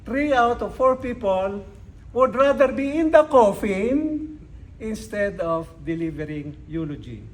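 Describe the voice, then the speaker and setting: Slow, emphatic older man giving a speech. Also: sits high, animated, rough recording. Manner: slow, emphatic delivery with dramatic pauses. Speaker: club speaker. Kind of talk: educational speech to a club. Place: club meeting room.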